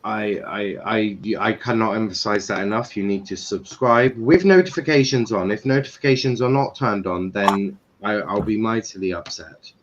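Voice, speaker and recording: A man's voice: lowish voice, moderate pace, hardly any pauses. A man hosting a football watchalong stream, casual, blunt and swearing. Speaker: watchalong host. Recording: dull lo-fi stream mic with faint noise.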